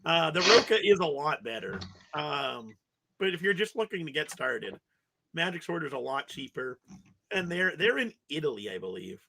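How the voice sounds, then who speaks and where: A man with a notably high, bright voice that swings up and down a lot as he talks. He co-hosts a casual livestream, hesitating and restarting his sentences. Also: sing-song, moderate pace, gravelly. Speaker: podcast co-host.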